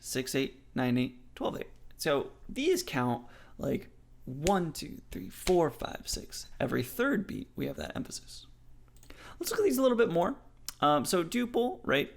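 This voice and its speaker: A man's voice: medium pitch, vocal fry. A man teaching a songwriting lesson, explaining time signatures in a friendly way and counting beats aloud. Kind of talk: music theory lesson.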